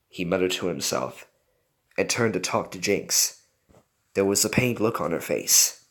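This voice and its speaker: Casting note: man narrating a story, low voice, lively intonation. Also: unhurried, pauses often. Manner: animated narration with character voices. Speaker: story reader. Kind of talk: reading a fan story aloud.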